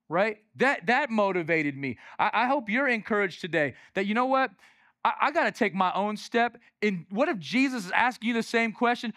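A man preaching a sermon as pastor, emphatic and repetitive, swinging from loud to hushed. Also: high voice, lively intonation, a little fast, no room sound, clean studio sound.

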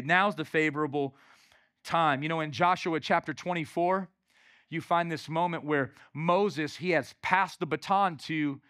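A male pastor preaching a lively sermon in church, calling out to the congregation. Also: on the high side, no room sound, clean studio sound. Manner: energetic, calls out to the congregation.

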